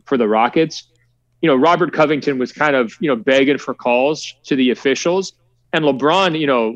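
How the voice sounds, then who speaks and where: A man's voice: mid-range voice, no echo. Man telling stories over muffled audio. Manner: relaxed storytelling with many fillers. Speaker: sportswriter guest. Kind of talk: conversational podcast interview.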